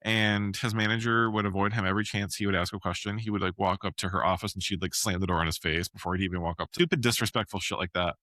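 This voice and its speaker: A man with a bright, forceful tone and a somewhat low pitch speaks bluntly on a podcast. He sounds indignant and swears without holding back. The recording is dry and close, with no room sound. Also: steady tone, fast, few pauses, no room sound. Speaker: podcast co-host. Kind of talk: casual chat.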